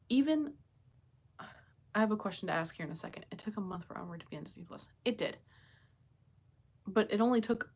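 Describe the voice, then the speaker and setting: A woman hosting a casual live chat from home, thinking aloud and reading out viewers' comments, with many fillers and questions to her viewers. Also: mid-range voice. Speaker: livestream host chatting with viewers. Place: home with pets nearby.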